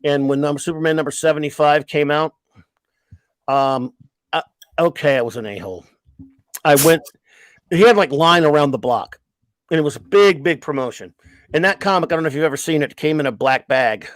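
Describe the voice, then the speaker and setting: A man's voice: a little high, a little fast, pauses often, no echo. A middle-aged man hosting a casual stream, telling long rambling stories laced with profanity. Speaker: livestream host. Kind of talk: casual chat.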